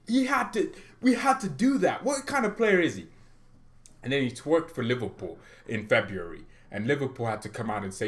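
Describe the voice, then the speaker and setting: A man's voice: mid-range voice, big pitch swings, normal speed. A man hosting a football fan channel, talking in a casual, joking vlog style and mocking rival clubs.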